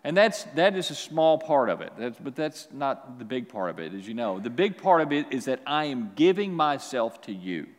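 A man preaching a sermon as pastor, with animated delivery that swings from quiet to loud. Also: mid-range voice, moderate pace, hardly any pauses, long reverb tail.

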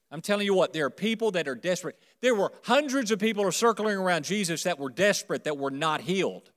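A man pastor preaching a sermon to a congregation, swinging from quiet to loud and calling on them to repeat after him. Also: fairly high pitch. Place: church sanctuary. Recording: long hall reverb.

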